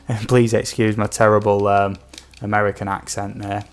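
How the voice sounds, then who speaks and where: British man, fairly low voice, casual rambling stream chat, reads viewer comments, filler-heavy. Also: level tone, moderate pace, few pauses, clear, resonant tone. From United Kingdom. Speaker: gaming streamer.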